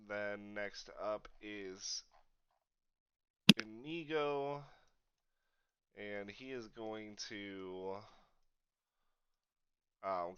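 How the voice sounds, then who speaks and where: A man narrating as game master of a tabletop game in a relaxed, low-key way with fillers. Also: clear, resonant tone, highs cut off.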